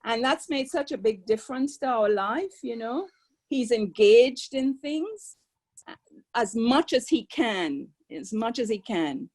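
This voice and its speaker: A woman's voice: on the high side, lively intonation, slow, a little mellow, rough recording. An older woman, speaking as a caregiver guest on a webinar, earnest and conversational. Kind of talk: sharing personal experience on a webinar.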